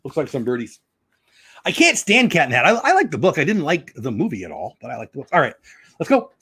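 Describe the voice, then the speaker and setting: Lively chatty man reading aloud. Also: a little high, fast, slightly rough. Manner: reads a children's book in a sing-song rhythm, chatty asides. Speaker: channel host. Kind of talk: casual vlog with read-aloud.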